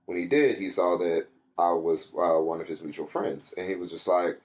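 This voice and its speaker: A young man in a casual interview, telling a personal story and jumping way up in pitch when he quotes himself. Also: normal speed. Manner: animated, swings his pitch way up when quoting himself. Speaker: guest.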